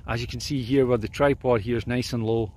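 A man, a photographer, chatting casually outdoors at a small airport at dawn, with a relaxed manner and many fillers. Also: medium pitch, a little fast, a little hiss or hum. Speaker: landscape photographer. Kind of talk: casual instructional vlog.

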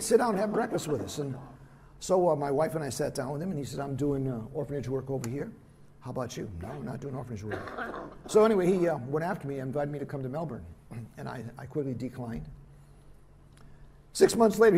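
An older man preaches to a church gathering in a gravelly, mellow voice. He tells his missionary stories with animation and plays the other people's lines himself, with a faint hiss from the room behind him. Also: medium pitch. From United States. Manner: animated anecdotes, voices quotes, laughs at himself. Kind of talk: storytelling sermon. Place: church hall.

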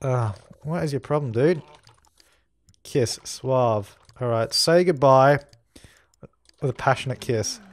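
A man's voice: medium pitch, slow pace, pauses often, no echo. Guy doing casual let's play commentary, chatty, bossing his game characters around, dry close sound.

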